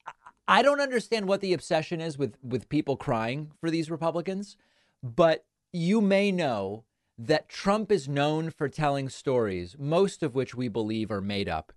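A man's voice: fairly high pitch, very animated, normal speed, no room sound, studio quality. A man hosting a political talk show, incredulous and sarcastic, often restarting his sentences, also reading sponsor ads. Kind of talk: solo political commentary and ad reads.

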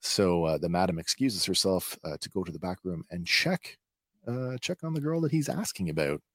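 Male podcast host, casual recapper, low voice with a wide swing, filler-heavy. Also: expressive, moderate pace, a bit bright, no echo, clean studio sound. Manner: chatty, many filler words, laughs easily.

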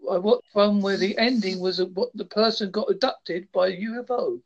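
A man's voice: high voice, fairly quick, vocal fry, muffled recording. A man from England chatting casually, joking around and slipping into silly voices. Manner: jokey, slips into silly voices and impressions. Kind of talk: casual chat.

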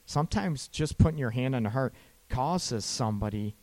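Speaking at a normal speed with a medium-pitched voice, this man hosts a relationship advice show and chats casually about defusing fights between partners. "Right?" punctuates his sentences often, and he sometimes performs a partner's lines as quoted dialogue.

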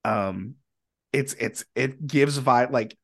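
A young man from Indiana, a podcast guest and musician, telling stories in a rambling, animated way and swearing freely. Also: mid-range voice, takes it slowly, creaky. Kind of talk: casual storytelling.

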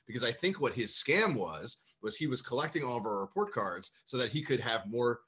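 A man co-hosting a podcast, telling stories in casual comedic chat, swearing a lot and animated. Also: mid-range voice, a little fast, few pauses, husky. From United States. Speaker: podcast co-host.

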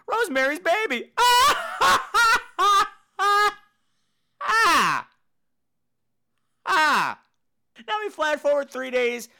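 A man's voice: a little high, fairly bright tone. A man hosting a casual, comedic movie review show, full of campy, sarcastic asides. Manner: breaks into sung and squealed impressions.

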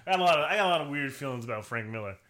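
A man's voice: medium pitch, animated, very fast, a bit bright. A man co-hosting a podcast, joking, swearing and laughing a lot in casual movie chat. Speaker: podcast co-host.

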